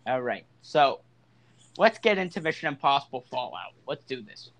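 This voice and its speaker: A man's voice: medium pitch, sing-song, moderate pace, a bit bright. A man hosting a casual movie review podcast, leading the talk with enthusiasm. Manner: enthusiastic, leads the discussion. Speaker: podcast host.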